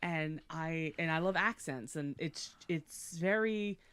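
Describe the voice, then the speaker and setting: A co-host chats on a casual podcast in a middle-pitched voice. The talk is enthusiastic and giggly. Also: takes it slowly, a bit bright, clean tone.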